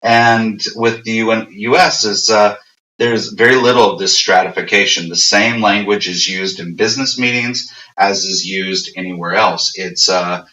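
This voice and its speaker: A man's voice: lowish voice, steady tone, normal speed, pushed and bright. An American man answering interview questions casually, rambling with many fillers and restarts. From USA. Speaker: interview guest. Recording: roomy, distant, dull audio.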